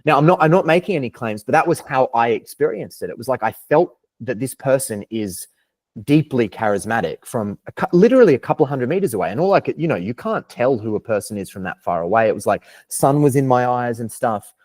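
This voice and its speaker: A man's voice: mid-range voice, expressive, fairly quick, darkish tone. A young Australian man as a podcast guest, talking in a thoughtful, philosophical way, hedging and restarting his sentences. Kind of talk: casual interview chat.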